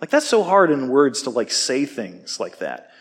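With a mid-range voice at a moderate pace, a man who teaches delivers a casual sermon full of stories, speaking emphatically, animatedly, and conversationally.

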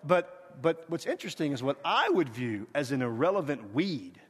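Man, middle-aged, guest sermon, animated, call and response, reverberant church hall. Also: on the high side, moderate pace, hardly any pauses, slightly rough. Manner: animated, swings from loud urging to quiet; calls the congregation to repeat after him. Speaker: guest preacher. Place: church sanctuary.

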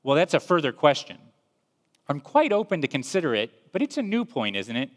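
A man's voice: sing-song, fairly quick. A man voicing a fussy, nervous male ghost who pleads and makes excuses. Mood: flustered pleading. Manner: nervous, apologetic, higher-pitched. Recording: long reverb.

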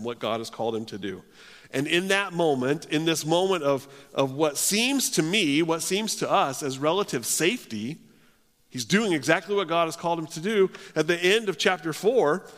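A man's voice: on the high side, fairly bright tone. A male pastor preaching a sermon in earnest, often restarting his phrases. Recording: long hall reverb.

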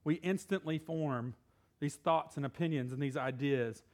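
A man's voice: on the high side, normal speed. A middle-aged male pastor giving a casual, conversational sermon with asides and Bible readings.

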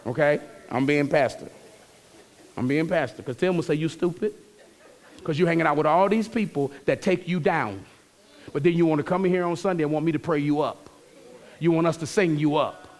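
High-voiced man preaching a lively sermon. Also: a little fast. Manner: preaching with dramatic quoted voices, playful asides. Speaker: pastor.

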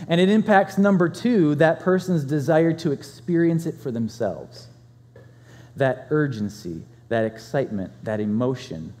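A male pastor preaching a conversational sermon, telling stories with animated swings in loudness. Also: medium pitch, long reverb tail.

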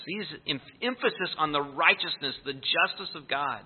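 A man's voice: a little high, animated, normal speed, few pauses, husky. A man with a slightly raised voice gives an earnest, explanatory verse-by-verse sermon. The sound is thin and narrow, as if it came down a phone line. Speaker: Bible teacher.

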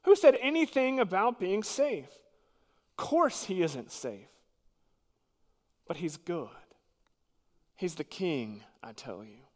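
A man's voice: high-pitched, expressive, takes it slowly, long pauses. A man reading aloud as an insistent, exclaiming male beaver from a storybook.

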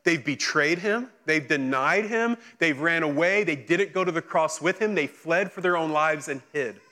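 A man preaching a sermon, reading scripture and acting out its dialogue, swinging between excited and hushed delivery. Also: a little high, normal speed. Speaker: pastor.

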